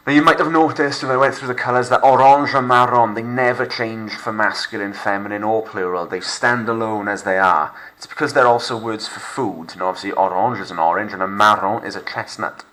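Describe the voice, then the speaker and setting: A Welsh man with a low but bright, forceful voice talks through a recorded French lesson. He stays upbeat and jokey, and stretches out French words slowly so learners can repeat them. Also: steady tone, slight background noise, low-quality recording. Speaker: secondary school French teacher. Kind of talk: recorded lockdown lesson narration.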